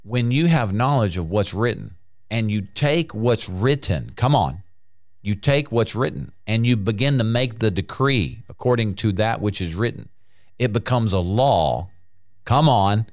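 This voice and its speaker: A man's voice: on the low side, animated, a little slow. A man preaching a sermon in an emphatic, repetitive way, restarting phrases and calling out hallelujah.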